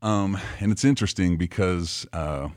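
A middle-aged man with an extremely deep voice hosts a podcast, speaking in a measured, unhurried way with frequent ums. The sound is dry and close, with no room echo. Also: darkish tone. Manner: measured, rambling, full of fillers. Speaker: podcast host. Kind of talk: casual podcast interview.

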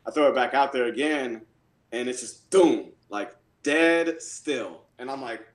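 Excitable man telling stories in a roomy space. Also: mid-range voice, measured pace. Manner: excitable, animated storyteller. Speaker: guest angler and realtor. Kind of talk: casual storytelling. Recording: roomy echo.

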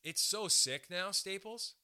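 A man's voice: sits high, slow pace, clean tone. A young man doing a rambling, profane stand-up style monologue. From Canada. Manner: profane, rambling, animated asides.

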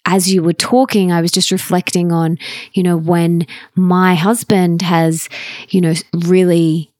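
A woman hosting a podcast interview, talking warmly and reflectively about relationships in an eager, conversational way. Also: fairly low pitch, little pitch movement, measured pace, dry recording, studio quality. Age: adult, stepmother of an eleven-year-old. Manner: enthusiastic, reflective, speaks of her book and family. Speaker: podcast host.

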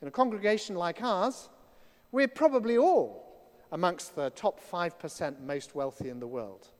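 Male preacher, chatty and wry, lively delivery, big church echo. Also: high voice, moderate pace. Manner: conversational, self-deprecating asides. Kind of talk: sermon. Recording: long reverb of a church hall.

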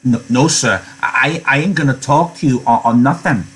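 A man's voice: medium pitch, normal speed, a bit bright, a little hiss or hum, natural voice. A man reading aloud and voicing a big, simple-minded young ranch hand who stammers and repeats his words like a child. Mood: anxious.

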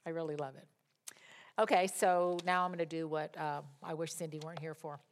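A woman preaching a sermon, rising to loud, impassioned declarations and dropping to soft, chatty asides. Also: low voice, fairly even intonation, a little fast.

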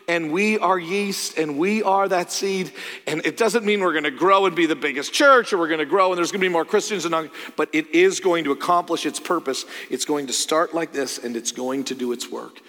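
A middle-aged male pastor preaching a sermon, earnest, with loud emphatic peaks and quiet low asides. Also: normal speed. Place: church sanctuary. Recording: long hall reverb.

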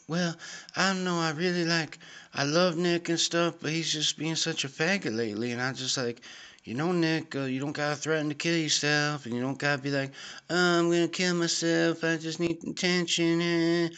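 A young man in casual comedy banter, halting and casual. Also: fairly high pitch, steady tone, bright, forceful tone, clear, resonant tone. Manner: halting, casual, filler-heavy.

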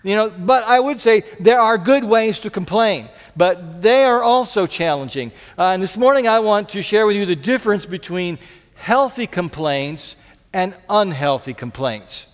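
A man preaching a sermon as a pastor, earnest, repeating key lines for emphasis and dropping to soft pleas. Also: high-pitched, animated, normal speed, in a large hall.

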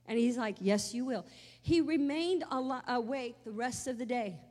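A woman's voice: fairly high pitch, normal speed, dark tone, big-room sound. A woman preaching a sermon, telling an emotional personal story that swells into exclamations.

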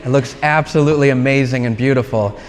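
A man's voice: medium pitch, steady tone, fast talker, a little hiss or hum. A man preaching a conversational homily at Mass, retelling a film scene earnestly. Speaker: priest. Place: church at Mass. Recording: long church reverb.

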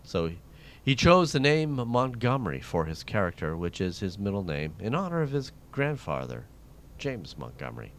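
A man's voice: sits low, normal speed, hardly any pauses, a little hiss or hum. A man hosting a trivia segment on a radio show, reading history questions in casual banter. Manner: reads history questions, lively intonation. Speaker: trivia host.

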